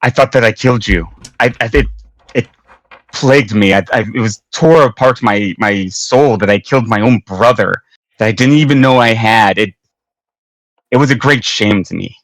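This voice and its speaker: A man's voice: lowish voice, moderate pace, no echo, low-quality recording. A man playing a tabletop role-playing game, speaking earnestly and dramatically in character. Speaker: player.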